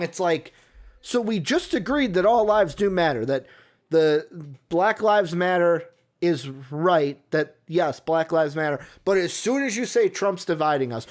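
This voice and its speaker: A man's voice: on the high side, moderate pace. A man hosting a sports talk show, rambling and getting heated as he talks. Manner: heated, rambling, animated when worked up.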